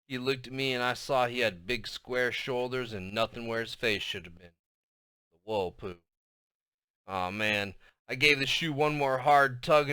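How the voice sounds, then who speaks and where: A man reading a novel aloud in the first person, with expressive storytelling that drops soft and low in tense passages. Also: clean tone, no room sound. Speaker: audiobook narrator.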